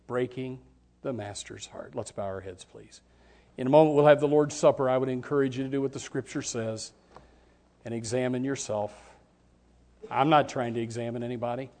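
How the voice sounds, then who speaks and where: Brief: male pastor, mid-pitched, impassioned sermon delivery with sharp shifts in volume. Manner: dramatic, swings from hushed to shouting, acts out voices.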